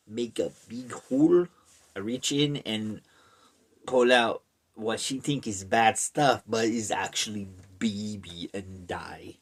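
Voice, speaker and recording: A man giving a comedic summary of a horror book, deadpan and in deliberately broken caveman-style English. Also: on the low side, slightly rough.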